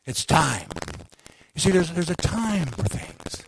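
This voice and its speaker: A man preaching a sermon, telling a folksy story that swells into loud exhortation. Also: high voice, lively intonation, moderate pace, noisy background. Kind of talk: sermon testimony.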